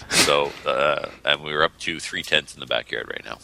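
A man's voice: a bass voice, normal speed, creaky, very noisy. A man, co-hosting a podcast in casual, teasing banter. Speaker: podcast co-host.

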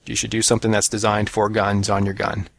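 A man's voice: on the low side, monotone, a little fast, gravelly, fairly bright tone, dry recording, studio quality. A man from Canada co-hosting a casual podcast, reading listener emails with self-mocking jokes, many fillers and restarts. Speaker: podcast co-host.

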